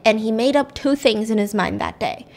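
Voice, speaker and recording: A woman's voice: fairly high pitch, normal speed, darkish tone. Chatty young woman telling a story. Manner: chatty, slangy, swears, laughs easily. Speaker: podcast host. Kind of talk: casual storytelling.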